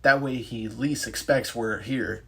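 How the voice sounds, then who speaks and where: A man voicing a cautious, contrary young male superhero who argues and pitches a sneaky plan. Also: a little slow, gravelly, husky. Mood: arguing. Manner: argumentative, scheming.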